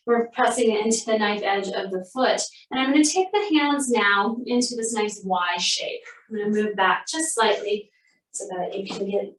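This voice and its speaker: A woman teaching a guided yoga class, cueing poses calmly and steadily, a little out of breath at times. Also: on the high side. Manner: calm, steady cueing, breathing between phrases. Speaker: yoga instructor. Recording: roomy sound, mic at a distance.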